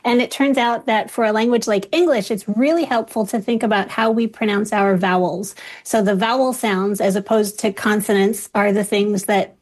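A woman speaks as an expert guest, laying out ideas step by step in a clear, patient way. Her voice sits at an ordinary middle pitch for a woman. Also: steady tone, normal speed, few pauses. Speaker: linguist guest. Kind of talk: explanatory conversation.

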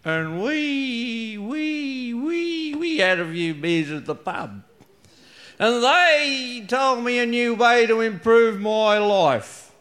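A man's voice: extremely high pitch, animated, takes it slowly, fairly bright tone, pitched above the performer's own voice, exaggerated voice. A man voicing a drunken old husband who stammers and slurs as he gloats. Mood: stammering drunk.

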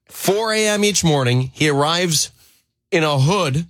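Lively man reading quirky radio news. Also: fairly high pitch, a little slow, dry recording, clean studio sound. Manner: reads odd news stories with lively asides. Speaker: radio news segment co-host. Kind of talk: casual radio news banter. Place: radio studio. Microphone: studio microphone.

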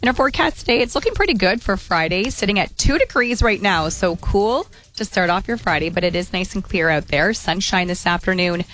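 A woman's voice: mid-range voice, animated, fairly quick, few pauses, a bit bright, soft background music, low-quality recording. A woman presenting the weather on morning radio and chatting with the hosts. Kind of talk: radio weather report and chat.

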